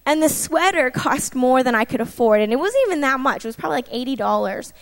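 A woman's voice: high-pitched, animated, fast talker, long reverb tail. A woman giving a conversational sermon testimony, personal and emphatic, with frequent asides to her listeners. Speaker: preacher sharing a testimony.

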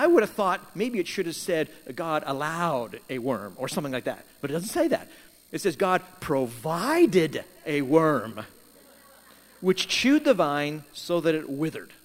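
A man preaching a sermon, telling a Bible story with lively emphasis and acting out the characters' words. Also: on the high side, big-room sound. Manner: animated storytelling, voicing Jonah and God in quoted lines. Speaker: pastor.

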